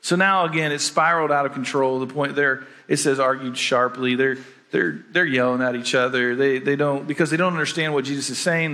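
A man's voice: fairly high pitch, a bit bright. A pastor preaching a conversational sermon, often restarting his phrases.

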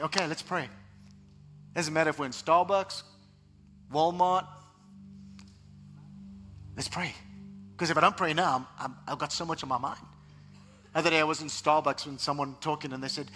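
A man pastor preaching a sermon, animated, sometimes mimicking other voices. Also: a little high, moderate pace, pauses often, soft background music.

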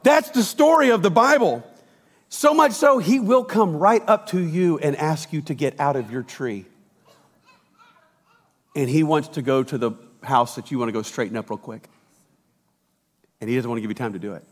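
A middle-aged man preaching a sermon in a lively, conversational way, acting out quotes and sometimes shouting. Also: on the high side, moderate pace, long pauses. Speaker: pastor. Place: church auditorium. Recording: reverberant church hall.

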